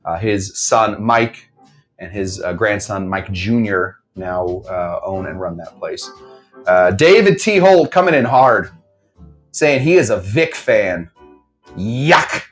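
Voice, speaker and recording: A man teaching a live online cocktail class. He tells bar history in a rambling, jokey way and slips into mock voices for quotes. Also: medium pitch. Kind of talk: casual live-stream storytelling lesson.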